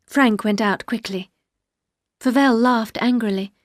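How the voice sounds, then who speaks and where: A woman's voice: medium pitch, steady tone, moderate pace, darkish tone, no room sound. Woman narrating a learner audiobook, dry.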